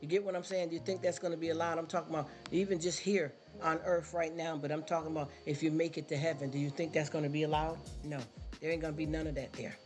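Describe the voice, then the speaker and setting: A man's voice: a little high, flat delivery, fast talker, a little mellow. A man hosting a livestream, lecturing his viewers in a casual, preachy rant full of repeated rhetorical questions. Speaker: livestream host. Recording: livestream with music behind. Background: background music.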